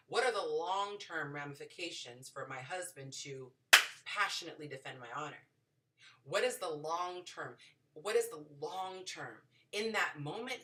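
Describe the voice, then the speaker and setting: A woman hosting a dating advice show, telling stories in an animated way and acting out the people in them. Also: deep voice, moderate pace, distant mic. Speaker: podcast host giving dating advice. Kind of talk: casual storytelling advice.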